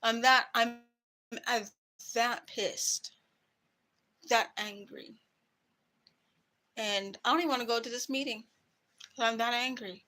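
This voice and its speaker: A woman's voice: a little high, fairly even intonation, slow, long pauses, pushed and bright. A woman vlogger ranting to camera in a heated, profane way about her work. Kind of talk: angry personal rant to camera.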